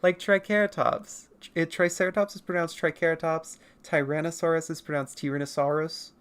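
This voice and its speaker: With a clean tone and medium pitch, an artist streamer talks briskly and levelly while drawing and answering chat. The talk rambles playfully, with frequent laughter, occasional swearing and asides where they correct themselves.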